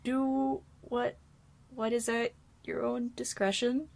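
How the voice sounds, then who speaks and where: A woman's voice: on the high side, level tone, slow pace, a little mellow. A woman playing a tabletop game, giggly and full of exclamations. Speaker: player. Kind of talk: casual tabletop role-play.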